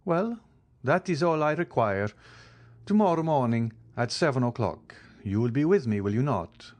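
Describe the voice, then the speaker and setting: A man reading an audiobook, voicing a calm, commanding count with bitter irony. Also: medium pitch, normal speed, no echo, voice pushed up, close to an everyday voice. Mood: cold. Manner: calm, icy, ironic. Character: cold, commanding male count, bitterly ironic. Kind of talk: audiobook character voice.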